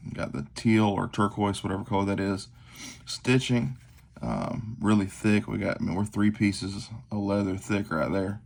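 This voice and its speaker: Gravelly man showing off gear. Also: on the low side, moderate pace. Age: 40s. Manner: rambling, self-deprecating, filler-heavy. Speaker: knife collector vlogger. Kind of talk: casual show-and-tell. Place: tabletop at home.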